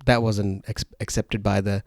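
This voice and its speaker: A man hosting a casual podcast, telling stories in a rambling way with fillers and quick laughs. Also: on the low side, little pitch movement, darkish tone, no echo, clean studio sound. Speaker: podcast host.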